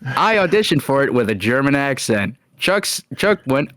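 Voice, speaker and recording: A man's voice: medium pitch, sing-song, moderate pace, a bit bright, no echo, clean studio sound. A man hosting a watch-along stream, chatting casually and laughing often. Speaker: stream host.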